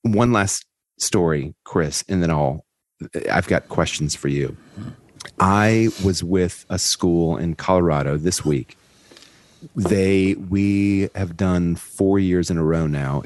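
Podcast host, male, low voice, animated storyteller, dry close sound. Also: no echo. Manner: animated storyteller, voice climbs high when excited. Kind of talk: conversational storytelling in an interview.

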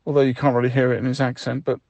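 A man leaving chatty, offhand voicemails in a deadpan comedy, stumbling over restarts. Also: medium pitch, racing, vocal fry, no room sound. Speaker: friend arranging the job by voicemail.

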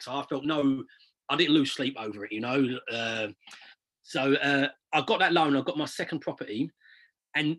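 Guy rattling on fast about property deals, husky voice a bit on the high side. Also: fairly bright tone. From southern England. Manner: chatty, rambling, repeats words when restarting. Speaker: property investor and coach. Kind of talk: casual interview storytelling.

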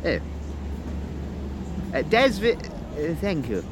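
A man's voice: on the high side, very animated, slow, noisy background. A man narrating a comic audio sketch, bumbling and chatty, talking to listeners as his friends.

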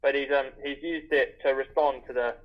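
A man's voice: mid-range voice, steady tone, normal speed. A young man on a podcast, matter-of-fact. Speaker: podcast co-host. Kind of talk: casual podcast chat. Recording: dull lo-fi audio.

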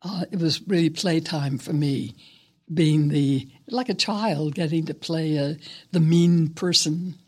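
An older woman, a guest actress, telling stories in an interview in a reflective, unhurried, somewhat hesitant way. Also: low voice, a little mellow, husky. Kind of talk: interview storytelling.

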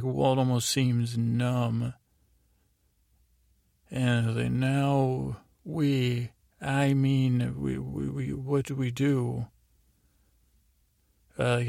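A man's voice: medium pitch, creaky, darkish tone, no echo, clean studio sound. A man hosting a sleep podcast, rambling through a show recap in a meandering, self-deprecating way. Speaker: podcast host.

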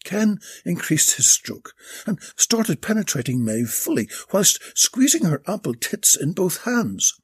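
A man with a gravelly, raspy voice narrating a comic story in a deadpan way. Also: high-pitched, measured pace.

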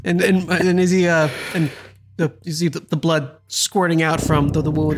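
A game master narrating and running a tabletop role-playing game, describing scenes with lively, stop-start delivery. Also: medium pitch, normal speed, faint music behind. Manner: lively narration, frequent restarts.

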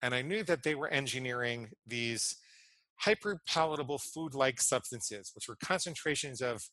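A man in his fifties speaks as a podcast guest with a bright, forward voice. He tells his story earnestly and often slows down to weigh key words. The sound is close and dry, with no room echo. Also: mid-range voice, expressive. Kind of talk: personal storytelling and explanation.

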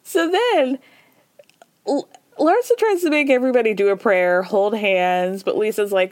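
A woman's voice: a little high, very animated, moderate pace, darkish tone, dry recording, studio quality. A woman hosting a podcast, giving a chatty, sarcastic recap of a reality show and acting out the cast's lines in playful voices. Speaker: podcast host.

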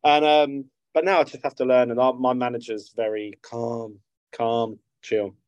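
A man's voice: mid-range voice, level tone, unhurried, darkish tone, clear, resonant tone, no echo, lo-fi sound. A man, chatting casually as a guest musician, rambling and swearing freely. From South London. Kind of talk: casual interview chat.

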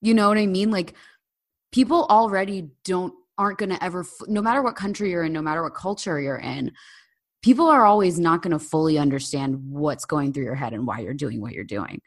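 A woman co-hosting a casual chat podcast, telling stories in a chatty, animated way and putting on voices when she quotes people. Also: lowish voice, a little fast. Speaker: podcast co-host. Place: living abroad in Britain.

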